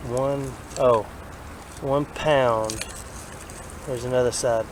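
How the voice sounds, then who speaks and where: A man, chatting excitedly to himself and his viewers as he searches a creek outdoors. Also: medium pitch, takes it slowly, pauses often. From Alabama. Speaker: vlogger. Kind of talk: casual outdoor narration. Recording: outdoor recording with clear background noise.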